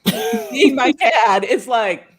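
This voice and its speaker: A woman from Oklahoma co-hosting a show, telling a story in casual chat with an animated, laughing manner. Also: high-pitched, extremely slow. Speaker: co-host of a writing show.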